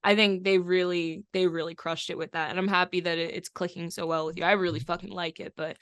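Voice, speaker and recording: A woman's voice: on the low side, little pitch movement, fast talker, a bit bright, clean tone, dry recording. Enthusiastic, profane podcast co-host woman. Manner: enthusiastic, swears freely, frequent mm-hmms. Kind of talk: casual music review chat.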